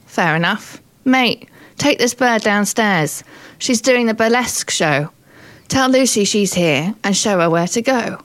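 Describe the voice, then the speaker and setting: A woman's voice: mid-range voice, lively intonation, measured pace, fairly bright tone. A woman stand-up comedian chatting on radio, wry and self-deprecating. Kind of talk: casual radio chat.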